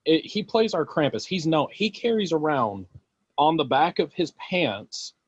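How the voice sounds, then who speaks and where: A man in casual podcast chat, telling an anecdote in an animated way. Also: fairly high pitch, measured pace, slightly rough, no room sound, lo-fi sound.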